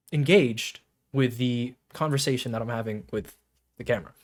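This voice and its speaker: A man coaching players on a shooter game, talking casually to camera with lots of fillers and restarts, then turning lively and emphatic. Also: mid-range voice, moderate pace, long pauses. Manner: rambling with many fillers, grows lively and emphatic.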